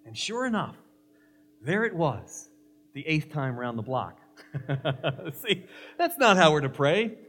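A man's voice: on the high side, sing-song, takes it slowly, long pauses, a bit bright, breathy edge. Emphatic male pastor preaching. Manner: emphatic, storytelling with humor. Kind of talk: sermon.

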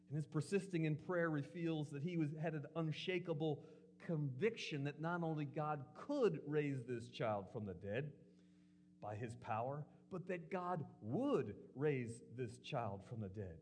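A man's voice: a little high, normal speed, slight background noise. A man preaching a sermon in an earnest way, asking rhetorical questions and acting out quotes.

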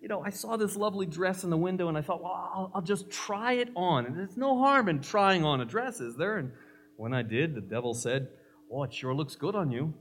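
A man's voice: sits high, lively intonation, brisk, a bit bright, slight background noise, pitched above the performer's own voice. A man voicing a sheepish wife explaining away a new dress in a sermon joke, in a coy tone.

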